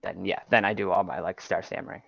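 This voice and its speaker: A man's voice: sits low, steady tone, quick pace, gravelly, fairly bright tone, no echo. A man casually describing his character's actions in a tabletop game. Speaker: player. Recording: slightly muffled lo-fi mic.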